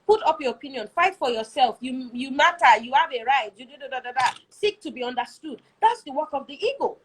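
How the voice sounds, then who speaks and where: A young woman speaks high in her range with a soft, husky edge. She talks in an earnest, conversational teaching style. She keeps pausing to ask her listeners whether they follow. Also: expressive, low-quality recording. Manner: earnest, keeps asking "do you see?". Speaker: guest speaker on marriage.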